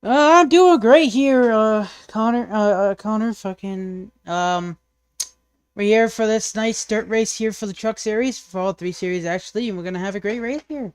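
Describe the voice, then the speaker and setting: A man's voice: sits high, normal speed, clean tone. A man joining the booth as co-commentator for a sim race, talking casually and hesitantly with lots of fillers.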